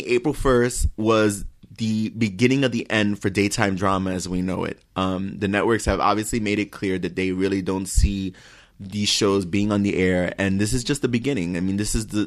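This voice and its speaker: Earnest rambling man co-hosting a podcast. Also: lowish voice. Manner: earnest, rambling with repeated words. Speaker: podcast co-host. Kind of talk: casual chat and reading news aloud.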